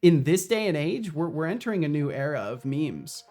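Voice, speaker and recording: A man's voice: on the high side, very animated, moderate pace, mellow, soft background music. Rambling, swearing male streamer. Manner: rambling, swears often, many restarts. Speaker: streamer and solo game developer. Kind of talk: casual live-stream chat.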